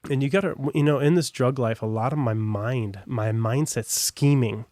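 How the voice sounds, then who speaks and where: Young American guy, mid-pitched, guest telling a personal story off the cuff, full of asides, dry close sound. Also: normal speed, a little mellow, no room sound. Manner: rambling, many fillers and asides. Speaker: podcast guest.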